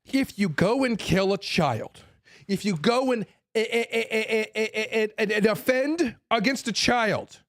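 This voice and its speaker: Fired-up high-voiced man ranting. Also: slow pace. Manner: blunt, profane, repeats phrases, stumbles and restarts; fired up, forceful. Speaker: host. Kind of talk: heated ranting monologue.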